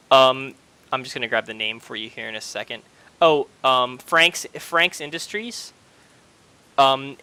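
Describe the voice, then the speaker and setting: A man's voice: fairly high pitch, bright, forceful tone, clean tone. A young man narrating as game master, stumbling through many fillers and restarts.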